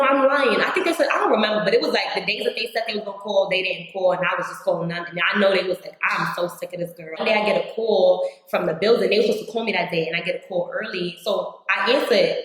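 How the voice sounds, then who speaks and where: A young woman from New York vlogging a casual life update, chatty, saying "like" constantly and acting out her own past words. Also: medium pitch. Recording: very echoey room.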